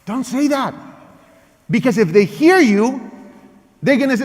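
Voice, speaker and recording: A man with a high, very lively voice leads a parenting workshop, speaking in an emphatic, animated teaching manner with non-native English phrasing. His words ring out with the long reverb of a large church hall. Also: slow pace, long pauses. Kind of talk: lively teaching talk acting out parent and child lines.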